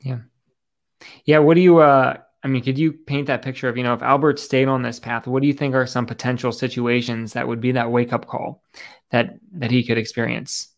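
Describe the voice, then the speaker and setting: Gravelly man asking podcast questions. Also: medium pitch, level tone, brisk. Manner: asks questions, affirming with frequent mm-hmms. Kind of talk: podcast conversation.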